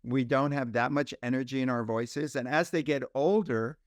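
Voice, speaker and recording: A man who is a pediatrician, a guest on a podcast interview, explaining ideas in an animated way with examples. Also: mid-range voice, moderate pace, no room sound, studio quality.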